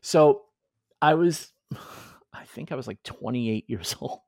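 A man's voice: mid-range voice, slow pace, gravelly, dry recording. A man in his forties hosts a casual podcast and tells stories with lots of swing in his voice, jumping up and down as he acts out what other people said. He sounds close and dry on the mic, with no room around him. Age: 40s. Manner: animated storyteller, acts out quoted voices. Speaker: podcast host. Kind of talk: casual chat.

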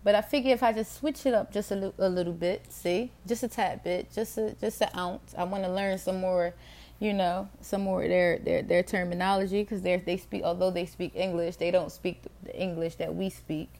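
A woman's voice: on the low side, steady tone, moderate pace, darkish tone. A middle-aged woman hosting her own podcast, talking to herself in a rambling, candid monologue, swearing freely and laughing often. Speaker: podcast host. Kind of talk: casual solo monologue.

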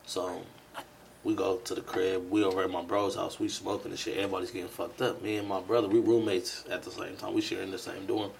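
A young man on a podcast telling a story in casual chat, acting out the dialogue with sudden jumps into a louder, higher voice. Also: quick pace, gravelly, a crowd in the background. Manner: animated storyteller who acts out dialogue in bursts of louder, higher voice. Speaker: podcast co-host.

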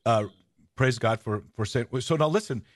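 A man hosting a radio-style podcast, telling stories in a casual, animated way. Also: medium pitch, normal speed. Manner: storytelling, animated, shouts out rallying cries. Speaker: podcast host. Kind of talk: casual radio-show chat.

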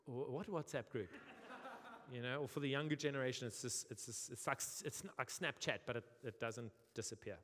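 A man's voice: mid-range voice, fairly quick. South African man preaching in an echoing hall. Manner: lively, humorous, acts out quoted voices. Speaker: pastor. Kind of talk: sermon. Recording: long reverb of a church hall.

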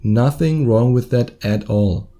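A man in his thirties hosts a podcast by himself, his German accent carried by a very dark, mellow voice of middle pitch. He speaks slowly and casually, laughing at his own mistakes.

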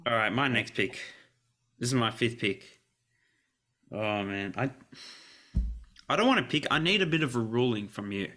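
A man's voice: fairly low pitch, normal speed, long pauses, pushed and bright. A man who is a guest on a sports podcast, chatting casually, reading out contract figures, and laughing easily.

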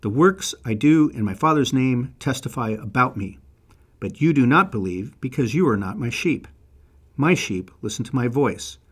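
A man's voice: medium pitch, lively intonation, normal speed, husky. A man narrating a scripted lecture on biblical history, reading quotes aloud and adding wry asides.

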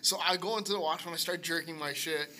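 A young man telling a story in casual chat, animated, swearing freely and laughing as he goes. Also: on the high side, quick pace.

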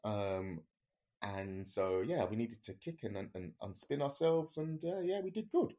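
A man's voice: fairly low pitch, lively intonation, a little slow, mellow, voice pushed up. A man voicing a cheerful, chatty male skydiving instructor in a breezy, upbeat manner. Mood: breezy, reassuring.

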